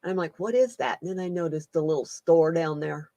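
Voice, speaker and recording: A woman's voice: low voice, brisk, warm tone, dry recording. A woman hosting a casual live-stream chat as a card reader, folksy and laughing often.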